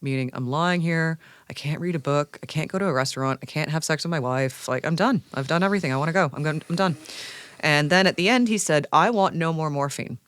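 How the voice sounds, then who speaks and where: A woman from Canada, a science writer guesting on a podcast, talking in an animated, enthusiastic storytelling way. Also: sits low, quick pace, no room sound. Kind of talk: casual podcast conversation.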